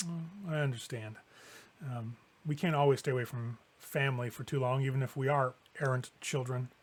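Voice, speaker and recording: A man's voice: medium pitch, fairly even intonation, moderate pace, close to an everyday voice. A man doing a poised, coaxing vampire woman. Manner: smooth, coaxing. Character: poised stylish female vampire, welcoming elder.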